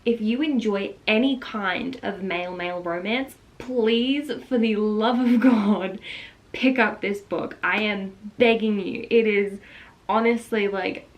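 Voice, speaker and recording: Speaking slowly in a mid-range voice, a young woman excitedly vlogs about a book she loves, her casual chatter full of breathless gushing and repeated "like"s. The recording sounds rough.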